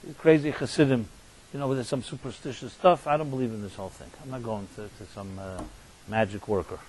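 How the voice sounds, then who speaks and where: A man's voice: medium pitch, steady tone, fairly quick, darkish tone, slight background noise, natural voice, low-quality recording. A man doing a scoffing skeptical husband. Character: skeptical middle-aged husband, scoffing and dismissive.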